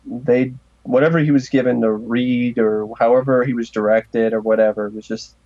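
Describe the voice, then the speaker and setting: A young man co-hosting a podcast, talking in an earnest, halting way. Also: mid-range voice, steady tone, mellow, no room sound, dull audio. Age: young adult. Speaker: podcast co-host. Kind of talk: casual podcast chat.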